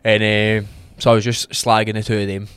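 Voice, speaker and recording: A Scottish man co-hosting a podcast, chatting casually and telling animated stories with acted-out quotes and frequent laughter. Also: lowish voice, brisk, smooth, dry recording. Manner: animated storyteller who acts out quotes and laughs often. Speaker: podcast co-host. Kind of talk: casual chat.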